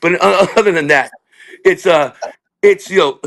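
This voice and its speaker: A man, a comedian guest, telling rambling animated stories in casual talk over a video call. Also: high voice, normal speed, long pauses. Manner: rambling, animated, slips into impressions. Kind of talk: casual interview storytelling.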